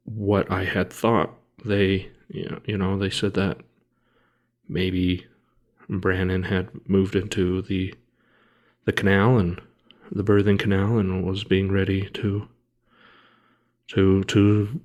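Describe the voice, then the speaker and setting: A podcast co-host, a man in his thirties, tells a personal story haltingly and with grief, restarting and pausing often. His voice is low and steady in tone.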